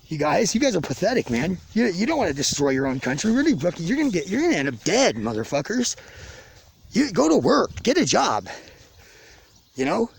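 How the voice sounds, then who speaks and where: Gravelly man on a drunken rant. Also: high-pitched, slight background noise. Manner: swearing constantly, rambling and angry. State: drinking, tipsy. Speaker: vlogger ranting to his channel. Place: outdoors in the country near a garage.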